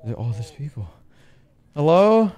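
Drunk young male streamer, excitable and panicky, swinging all over his range. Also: fairly high pitch, moderate pace. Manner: loud, excitable, panicky, repetitive. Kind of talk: casual gaming chat.

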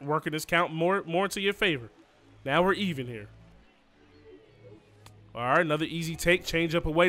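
Excitable man calling gameplay. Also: on the high side. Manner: excitable, cheers on his players, says "you know what I mean". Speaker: gaming YouTuber. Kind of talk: live play-by-play gameplay commentary.

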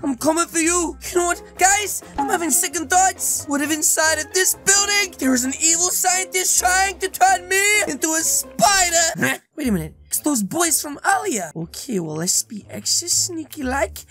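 A woman's voice: extremely high pitch, expressive, moderate pace, few pauses, a bit bright, soft background music. A woman hosting a game role-play video, chatty and silly, talking straight to her viewers. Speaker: gaming video host.

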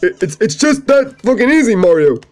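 A man voicing an indignant, whiny younger plumber brother in a high, squeaky voice. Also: sing-song, normal speed. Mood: smug.

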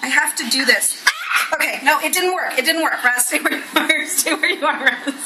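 A woman's voice: high-pitched, brisk, background noise. A young woman at home outdoors, nervous and squeamish, laughing often as she talks through a gross chore. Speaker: dog owner removing a tick. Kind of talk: casual home video.

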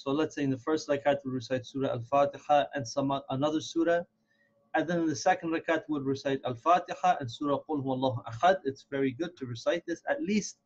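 A man teaching a recitation lesson, explaining step by step and slowly repeating words to model how they are pronounced. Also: on the high side, darkish tone. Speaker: Quran reading teacher. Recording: dull lo-fi audio.

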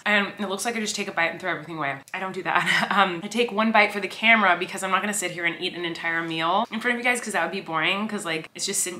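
A woman's voice: medium pitch, sharp tone, a little hiss or hum. A woman in her thirties vlogging casually from a hotel room, rambling and talkative with lots of fillers. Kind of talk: casual chatty vlog.

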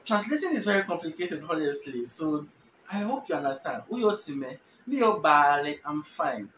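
A Ghanaian man teaching a language lesson, repeating each phrase slowly and translating it patiently. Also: on the high side, very animated, fairly bright tone. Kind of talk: relaxed spoken language lesson. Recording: roomy, distant mic with faint noise.

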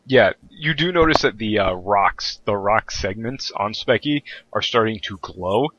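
A man's voice: lowish voice, animated, unhurried, a bit bright, dull audio. A man narrating as game master of a tabletop game, joking and laughing often with his players.

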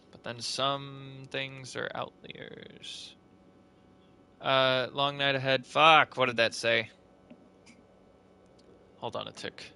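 A man's voice: medium pitch, creaky, pushed and bright, a little hiss or hum. A man giving sarcastic, swear-filled commentary on a horror game as he plays, talking to himself and putting on a half-hearted accent. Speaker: let's play gamer. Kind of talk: casual gameplay commentary.

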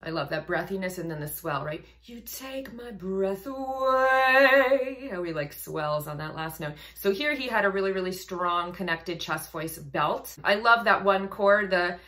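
Woman vocal coach with a bright, forceful voice. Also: lowish voice, moderate pace, hardly any pauses, soft background music. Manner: admiring, explains technique in detail. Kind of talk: music reaction commentary.

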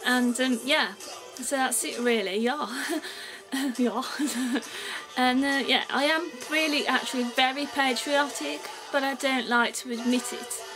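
A woman's voice: sits high, steady tone, slow pace, rough recording. Giggly Brummie woman rambling over music. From England. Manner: rambling, giggly, loses her thread. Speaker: vlogger. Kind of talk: casual chat to camera. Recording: clear music playing behind her.

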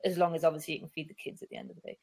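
A woman's voice: low-pitched, steady tone, very fast, a little mellow, husky. A middle-aged woman author talking casually in an interview, chatty and self-deprecating, acting out other people's lines as she tells stories. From Newcastle, England. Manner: chatty, self-deprecating, acts out quoted voices. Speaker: picture book author, guest.

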